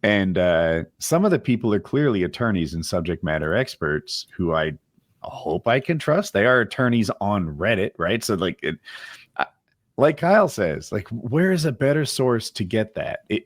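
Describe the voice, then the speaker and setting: Lower-voiced stammering podcast man. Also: expressive, no room sound, clean studio sound. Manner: halting, stammering. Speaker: podcast host. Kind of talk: casual chat.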